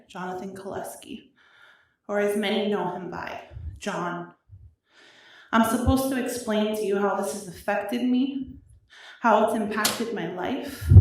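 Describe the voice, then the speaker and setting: A woman reading her own victim impact statement aloud in a courtroom, emotional and halting, her voice wavering with grief. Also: medium pitch, a little hiss or hum. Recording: echoey courtroom audio from far off.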